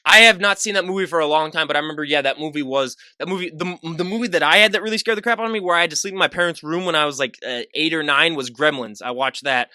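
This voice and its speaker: A man's voice: fairly high pitch, fast, hardly any pauses, sharp tone, clean tone, no echo, studio quality. A man hosting a podcast, chatting casually with an upbeat, rambling manner. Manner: upbeat, rambling, laughs easily. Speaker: podcast host. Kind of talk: casual interview chat.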